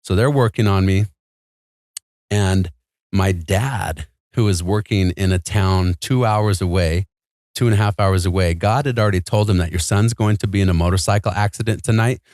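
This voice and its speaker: Guy with a really low voice telling his story, earnest and emphatic, lots of "like", dry close sound. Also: moderate pace, a little mellow, dry recording. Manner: earnest, emphatic, fillers like "like" and "man". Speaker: interview guest. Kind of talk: casual personal storytelling.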